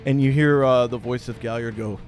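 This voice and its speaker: A man narrating a tabletop game as game master, with animated storytelling. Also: mid-range voice, a little fast, faint music behind.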